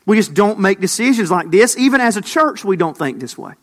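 A man's voice: sits high, expressive, normal speed, few pauses. A man preaching a sermon as a pastor, emphatic, lifting his voice for quoted lines.

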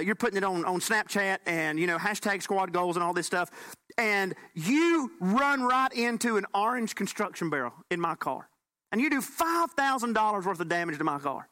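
A man preaching from the pulpit, his voice pitched high and bright. He delivers the sermon in an animated, folksy way with touches of humor. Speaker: pastor.

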